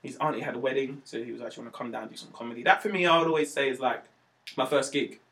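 A man, a comedian telling stories in a casual chat, animated and slangy, acting out quotes in a raised voice. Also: medium pitch, very fast, creaky. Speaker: comedian guest.

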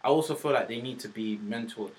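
A man's voice: mid-range voice, quick pace, a little mellow, low-quality recording. A man, a podcast guest who talks frankly and casually, with lots of fillers and slang. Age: 20s. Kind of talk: casual interview chat.

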